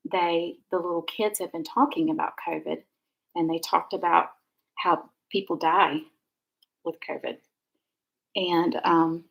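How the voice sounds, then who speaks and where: Gravelly low-voiced woman crafting. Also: low-quality recording. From Georgia, USA. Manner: chatty, rambling, warm asides. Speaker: card-making crafter. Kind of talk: casual live-stream crafting demo.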